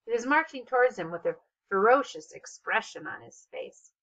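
A woman reading a children's novel aloud as narrator, with expressive, steady storytelling. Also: a little high, normal speed, rough recording. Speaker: audiobook narrator. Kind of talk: scripted narration.

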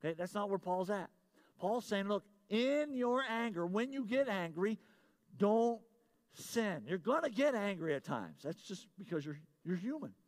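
A middle-aged man preaching a sermon as pastor, moving between loud emphatic lines and quiet confiding asides, repeating his key phrases. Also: high-pitched, animated, normal speed.

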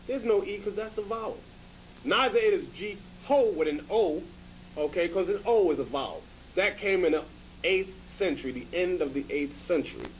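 A man's voice: high voice, lively intonation, normal speed, slight background noise, low-quality recording. A man teaching as a bishop, hammering his points home and checking in with "okay?" after each one. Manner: emphatic, repeats points with "okay?". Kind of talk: scripture lesson to a group.

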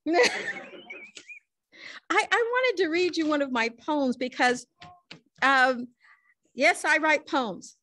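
Earnest, halting woman lecturer. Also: sits high, a bit bright, no echo, clean studio sound. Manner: earnest, halting, frequent restarts, laughs easily. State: tearful at times. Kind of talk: lecture Q&A, personal storytelling. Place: library lecture room.

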